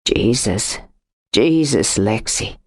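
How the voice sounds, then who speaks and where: A woman narrator voicing a stubborn, jealous young man who speaks low and coaxing. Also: animated, slow pace, husky, full character voice. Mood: low, tender.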